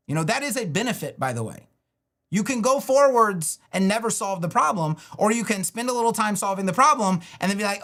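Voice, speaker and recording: A man's voice: high voice, normal speed. A middle-aged man teaching web design on a livestream, ranting with sarcasm and the odd swear, then walking through a screen demo. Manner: animated and ranting, with sarcastic put-on voices and profanity.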